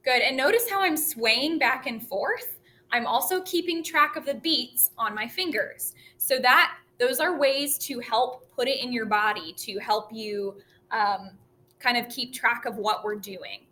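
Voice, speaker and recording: In a virtual lesson, a woman music teacher speaks slowly and clearly to children, chanting rhythms for them to repeat. Her voice is a little high with a sharp tone.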